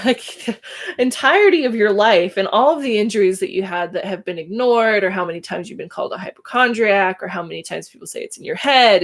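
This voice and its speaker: A woman in her thirties talks openly and emotionally on a casual livestream, laughing now and then between thoughts. Her voice sits at an everyday middle pitch. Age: 30s. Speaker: livestream host. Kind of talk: casual personal storytelling.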